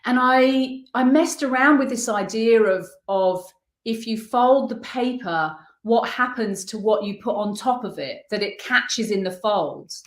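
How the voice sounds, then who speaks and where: A middle-aged woman from the United Kingdom, a guest artist telling her story in an interview, earnest and reflective, pausing as she searches for words. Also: a little high. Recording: echoey room.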